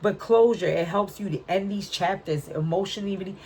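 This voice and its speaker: Chatting her way through a relaxed card reading, this tarot reader, Puerto Rican and Brooklyn-raised, peppers her talk with street slang and keeps tagging on "right?" Her mid-range voice has a darkish tone and a moderate pace, over a slight hiss or hum.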